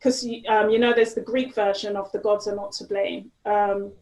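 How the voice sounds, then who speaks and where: A woman's voice: mid-range voice, little pitch movement, normal speed, darkish tone. A woman, a guest in an interview, talking casually with lots of fillers and restarts. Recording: roomy echo.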